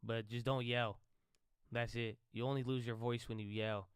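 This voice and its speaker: A man's voice: medium pitch, fairly even intonation, normal speed, clean tone, no echo. A man hosting a live trading stream, giving loose, chatty market commentary and calling listeners bro. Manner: says he tends to sound loud and yelling.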